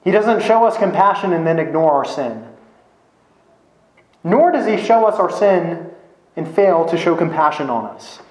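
Male preacher, slightly higher voice, earnest and emphatic, echoey room. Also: expressive, measured pace, long pauses. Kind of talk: sermon.

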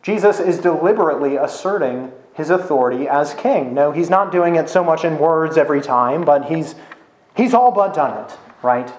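A man's voice: on the high side, lively intonation, normal speed. Chatty male preacher in an echoey room. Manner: conversational, with frequent "right?" tag questions. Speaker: pastor. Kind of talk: sermon.

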